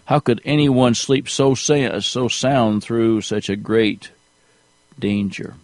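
A man preaching a sermon in a slow, deliberate way, rising to emphasis at key points. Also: mid-range voice, darkish tone, no room sound.

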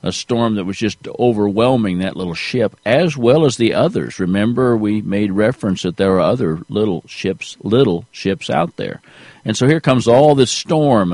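A man preaching a sermon in a slow, deliberate way, rising to emphasis at key points. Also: medium pitch, darkish tone, no room sound.

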